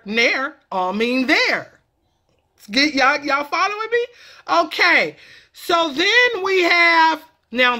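A woman from California talking in a playful, slangy way as a comedic vlogger teaching a lesson. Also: high voice. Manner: playful, animated, slangy, jumps into character voices.

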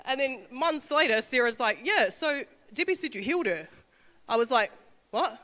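A woman, telling an animated testimony with frequent laughter. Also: high voice, normal speed, big-room sound. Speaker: speaker sharing a testimony. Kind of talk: informal sermon talk.

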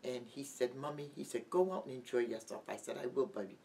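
A middle-aged woman giving a heartfelt personal testimony as an interview guest, halting and full of restarts. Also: very deep voice, lively intonation, warm tone. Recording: distant mic with light background noise.

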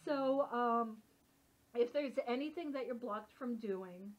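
A woman leading a workshop, talking in a chatty, animated way full of casual fillers. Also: a little high, takes it slowly. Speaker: workshop leader. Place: workshop room. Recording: dull lo-fi recording.

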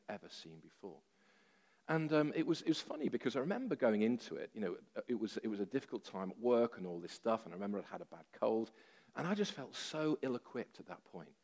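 A man preaching a sermon, telling a story with lively, self-deprecating humor and many fillers. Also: fairly low pitch.

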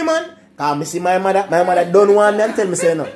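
With a crowd audible in the background, a high, sing-song male voice rattles off childhood stories at a fast clip. The older Jamaican storyteller keeps it casual in patois, laughing frequently and speaking to his grandsons.

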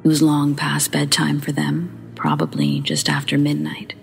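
Woman narrator, low voice, gravelly fry, hushed whispers, faint music underneath. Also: big pitch swings, normal speed. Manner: hushed, breathy whispering at tense moments. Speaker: horror story narrator. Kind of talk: scripted narration.

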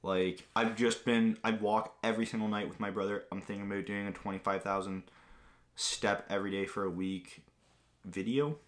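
A man's voice: fairly low pitch, fairly even intonation, normal speed. A young man from Greece chatting casually to viewers, rambling through a story with lots of fillers. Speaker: vlogger answering viewer questions. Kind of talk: casual chat.

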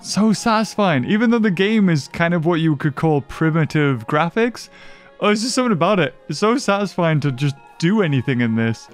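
Excitable man, high lively voice. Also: faint music behind. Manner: excitable, talks to the game characters, quick laughs. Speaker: gaming channel host. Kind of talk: let's play commentary.

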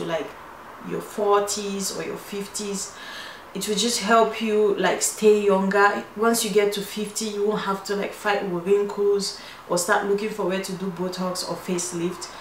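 A woman's voice: medium pitch, flat delivery, moderate pace. A young woman with a Nigerian accent, talking through her skincare routine in a chatty, playful way with lots of "like". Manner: chatty and playful, often says "like". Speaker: beauty vlogger. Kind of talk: casual skincare tutorial chat. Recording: echoey room, faint noise.

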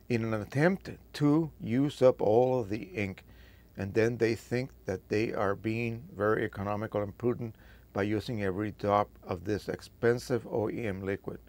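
A man's voice: medium pitch, a little mellow, no echo. A man from Spain, hosting a photo printing video, reads an old post aloud and breaks in with chatty, emphatic asides.

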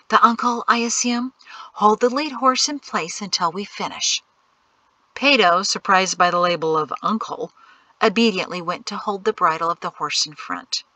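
Bright-voiced woman narrating an audiobook. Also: mid-range voice, no echo, low-quality recording. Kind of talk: scripted narration.

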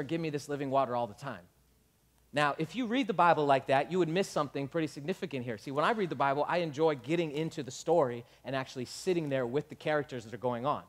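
A man preaching a sermon as pastor, animated, acting out dialogue and building up to shouts. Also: on the high side.

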